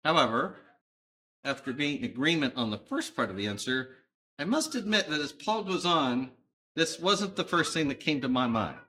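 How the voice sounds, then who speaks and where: A man preaching a sermon, conversational and emphatic, with thoughtful pauses. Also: fairly high pitch, sing-song, bright, forceful tone. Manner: emphatic, conversational with fillers, pausing.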